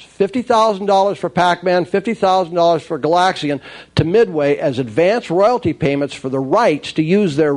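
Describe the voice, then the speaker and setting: A man with a high voice telling anecdotes about his working life. His delivery is wry and lively, and he acts out the lines of the people in his stories. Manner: wry, lively storyteller acting out dialogue. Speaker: speaker recounting his toy industry career. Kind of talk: anecdotal storytelling talk.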